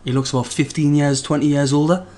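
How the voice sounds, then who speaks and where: Rambling storyteller. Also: male voice, a little high, steady tone, fast talker, mellow. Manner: rambling storyteller with many restarts. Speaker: podcast co-host. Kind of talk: casual anecdote telling.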